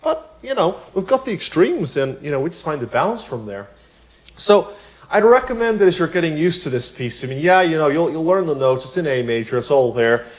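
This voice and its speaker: A man teaching piano in a relaxed tutorial, talking chattily, with many "you know" asides and rhetorical questions. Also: on the high side, brisk. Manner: explains with everyday examples. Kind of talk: casual spoken tutorial.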